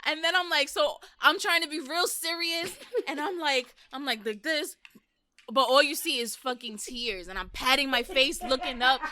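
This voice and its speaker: A woman's voice: high-pitched, normal speed, bright, forceful tone. A woman in her thirties hosting a podcast, chatting candidly and swearing freely. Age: 30s. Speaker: podcast host. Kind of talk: casual chat.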